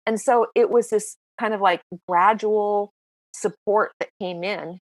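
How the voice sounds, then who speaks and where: A woman in her sixties, a podcast guest telling stories in a casual, lively, self-mocking way. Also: medium pitch, a little slow, dry recording. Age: 60s. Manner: lively, self-mocking storyteller who acts out dialogue. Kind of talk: casual interview storytelling.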